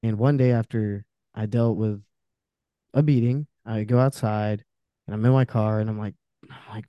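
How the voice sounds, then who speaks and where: A young man, a podcast guest, telling candid personal stories with intensity, swearing freely and swinging between loud outbursts and quiet trailing-off. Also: lowish voice, fairly even intonation, normal speed, smooth, no echo, lo-fi sound. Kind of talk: candid personal storytelling in conversation.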